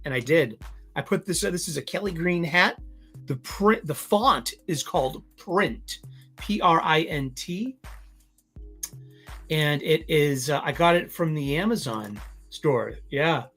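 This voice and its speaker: A man hosting a casual comics livestream, talking in a rambling, halting way with many fillers and restarts. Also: a little high, lively intonation, fairly bright tone, faint music behind. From Boston area. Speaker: comics review livestream host.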